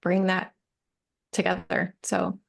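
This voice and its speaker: A woman's voice: on the low side, completely flat delivery, slow, vocal fry. A woman coach talking as a podcast guest, reflective and emphatic, often checking in with "right?". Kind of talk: casual interview chat.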